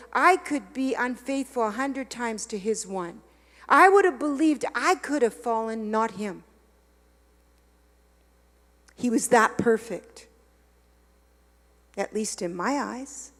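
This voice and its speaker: A woman giving a confessional sermon, dropping to a hush and rising to loud preaching. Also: on the high side, big-room sound. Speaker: guest speaker. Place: church hall.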